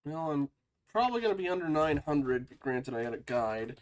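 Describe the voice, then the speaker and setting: A man's voice: on the high side, sing-song, a little fast. Man muttering through a game stream. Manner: mutters to himself while playing, quiet asides. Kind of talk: casual let's-play commentary.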